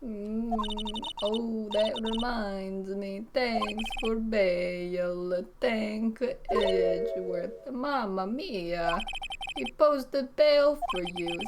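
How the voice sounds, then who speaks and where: A woman streamer casually playing through a game, reading dialogue aloud quickly and joking between lines. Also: mid-range voice. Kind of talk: casual game playthrough commentary. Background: game music.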